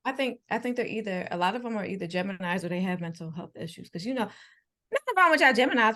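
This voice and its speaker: A woman's voice: medium pitch, animated, fast, bright, forceful tone. A young adult woman co-hosting a podcast in casual chat, teasing and laughing often. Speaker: podcast co-host.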